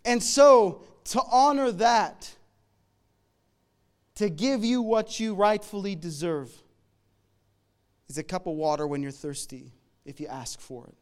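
A middle-aged man preaching a sermon in a conversational, humorous way, moving between loud emphatic lines and quiet asides. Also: high voice, slow pace, pauses often, clear, resonant tone. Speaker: pastor.

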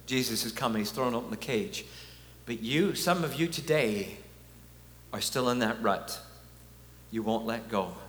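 Bright-voiced man preaching earnestly. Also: medium pitch, expressive, unhurried. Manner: earnest and conversational, with chuckles. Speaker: conference speaker. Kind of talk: preaching talk. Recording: echoey hall, faint hum.

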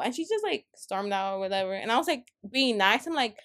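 Young woman gossiping on a podcast, high-ish voice, all over the place pitch-wise. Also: fast, few pauses. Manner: animated storytelling, acts out quoted people. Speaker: podcast co-host. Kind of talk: casual chat.

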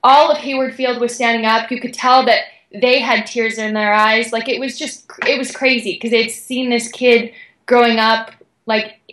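Young woman athlete guest, bright voice, chatty "like" storytelling, roomy echo. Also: fairly high pitch, normal speed. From Canada. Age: young adult. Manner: excited, breathless storytelling with many "like"s. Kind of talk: animated storytelling.

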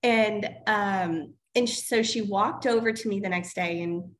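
A woman's voice: mid-range voice, measured pace, a little hiss or hum. A woman in her thirties co-hosting a parenting podcast, chatting casually with lots of fillers and laughs. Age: 30s. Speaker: podcast co-host. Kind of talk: casual chat.

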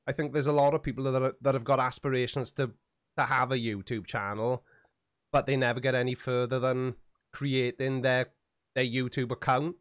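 A man hosts his own live-streamed podcast, talking in a loose, rambling and self-deprecating way. His voice sits at an ordinary pitch and sounds dry and close to the mic. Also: little pitch movement, normal speed, no room sound. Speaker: podcast host. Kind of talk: casual live-stream chat.

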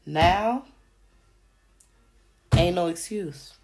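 A woman's voice: fairly low pitch, normal speed, creaky. A woman host delivering a heated, profane monologue on her podcast, hammering rhetorical questions. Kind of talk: ranting monologue.

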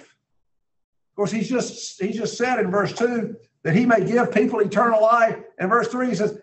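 A man's voice: high-pitched, normal speed, a little hiss or hum, low-quality recording. A man teaching a Bible class in a conversational way, earnest and emphatic, thinking aloud as he reads scripture.

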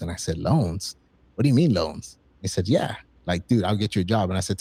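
Lively, profane man telling war stories. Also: sits low, quick pace, husky, no room sound. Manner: profane, excitable storyteller, acts out quotes. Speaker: podcast guest. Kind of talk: casual storytelling chat.

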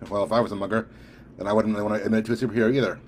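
A cocky young super with a sarcastic, defensive edge, as a male narrator reads him, in a low voice close to the reader's own. Faint background noise sits under the plain storybook reading. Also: fairly even intonation, racing, close to an everyday voice.

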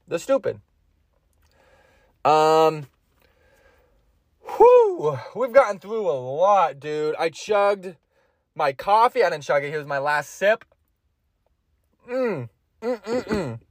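A man's voice: on the high side, lively intonation, moderate pace, no echo, clean studio sound. A man hosting a solo podcast, rambling in a crude, jokey way. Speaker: podcast host.

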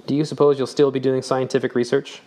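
A man reading the part of a wry, thoughtful older man who lectures gently. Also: mid-range voice, little pitch movement, fast, natural voice.

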